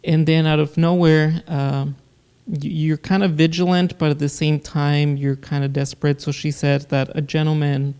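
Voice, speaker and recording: A man, a podcast guest, earnestly telling a personal story in casual talk, with halting restarts. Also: fairly high pitch, level tone, darkish tone, clear, resonant tone. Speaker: guest, producer.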